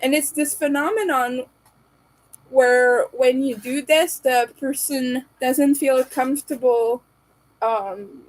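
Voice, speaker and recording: A woman from Montreal with a fairly high voice chats casually with her stream audience. She talks in a candid, opinionated way and often laughs between remarks. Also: slow pace, darkish tone, low-quality recording. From Canada, Montreal. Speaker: livestreamer. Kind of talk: casual chat to a live audience.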